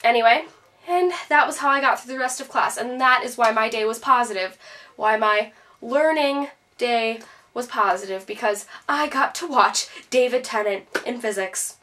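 A woman's voice: fairly high pitch, normal speed, fairly bright tone, recorded from a distance, natural voice. A woman playing a bitter, depressed teenage girl who vents sarcastically in a scripted video-diary monologue. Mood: sardonic. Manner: sarcastic, exasperated storytelling.

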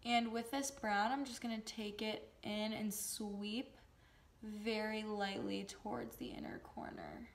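A woman's voice: medium pitch, flat delivery, slow pace, very noisy. A young adult woman chatting casually through a makeup tutorial, with goofy joking asides. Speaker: beauty vlogger.

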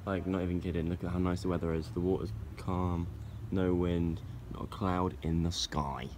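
A man's voice: deep voice, flat delivery, moderate pace, a little mellow, a little hiss or hum. A young man from England hosting a casual travel vlog, cheeky and teasing as he chats. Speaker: vlogger.

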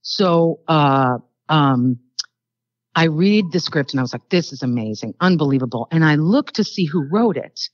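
An older actress chatting as an interview guest, telling rambling anecdotes full of fillers. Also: female voice, low voice, animated, a little slow, no room sound, highs cut off. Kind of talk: casual interview storytelling.

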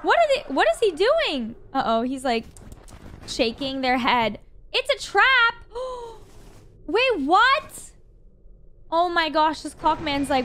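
A woman hosting a reaction video, excitable, gasping often and talking to her viewers as she watches an animation. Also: very high voice, drawn-out words, long pauses, background noise.

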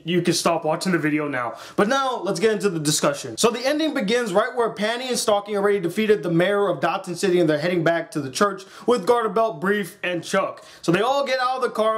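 Young male reviewer, high voice, excitable and animated, casual and profane. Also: fairly quick. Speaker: anime reviewer.

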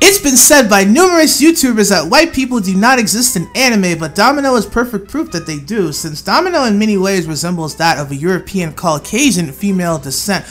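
Lively narrator reading a fact list. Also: medium pitch. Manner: reads from a script and shouts out each fact number. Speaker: YouTube list video host.

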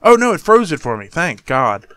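Jokey, animated male game streamer. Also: fairly high pitch, moderate pace. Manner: jokey, talks to the game, jumpy exclamations. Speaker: gameplay streamer. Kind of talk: let's play commentary.

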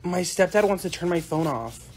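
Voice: medium pitch, lively intonation, moderate pace. A performer playing the straight man in comedy skits, reacting with plain disbelief. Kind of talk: POV comedy skit acting.

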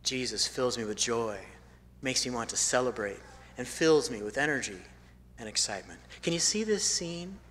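A man preaching a sermon as a pastor, telling a story and swinging from emphatic lines to hushed ones, with phrases repeated for emphasis. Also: mid-range voice, lively intonation, normal speed. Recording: long hall reverb.

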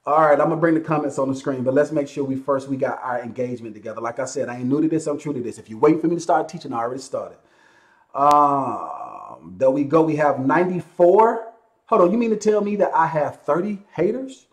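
A man's voice: mid-range voice, expressive, a little fast. A man hosting a live stream who talks to his viewers in an emphatic, repetitive, preachy way. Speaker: host and business owner.

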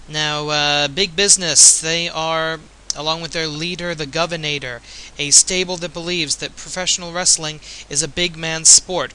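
High, sharp-voiced male commentator. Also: a little hiss or hum, poor audio. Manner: chatty, offhand, jokey asides. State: a bit tipsy. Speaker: play-by-play commentator. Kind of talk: casual play-by-play commentary.

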